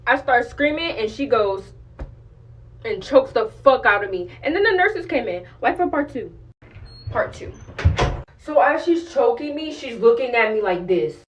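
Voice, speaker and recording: A woman's voice: on the high side, animated, moderate pace, distant mic, rough recording. A young woman telling a personal story to camera in blunt, slangy, profane casual talk. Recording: voice a bit off-mic.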